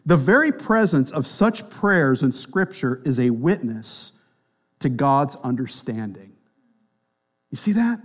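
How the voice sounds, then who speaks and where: A man preaching a sermon, swinging between quiet, near-whispered lines and loud, emphatic passages. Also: on the high side.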